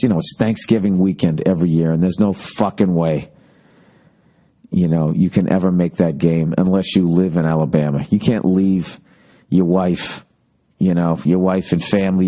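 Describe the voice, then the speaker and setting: A man with a low, warm voice hosts his own podcast, spinning road stories in a loose, rambling monologue. He swears freely and throws in mocking impressions as he goes.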